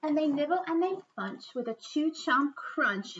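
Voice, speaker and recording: Slow, bright-voiced woman reading a storybook. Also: high voice, highs cut off. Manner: expressive, slow, sing-song. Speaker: children's storyteller. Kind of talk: reading a picture book aloud.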